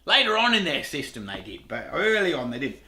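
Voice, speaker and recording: Laid-back Australian host, middle-aged, bright voice that swings widely in pitch, echoey kitchen sound. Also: male voice, big pitch swings, brisk. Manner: laid-back, rambling, swears casually, laughs at himself. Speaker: cooking show host. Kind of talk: casual cooking talk to camera.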